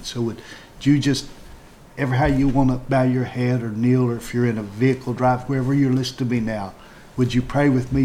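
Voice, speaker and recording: Male pastor, mid-pitched voice, fervent sermon delivery with restarts, faint hiss behind. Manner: fervent, repetitive preaching, stammers and restarts. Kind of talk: sermon and altar-call prayer.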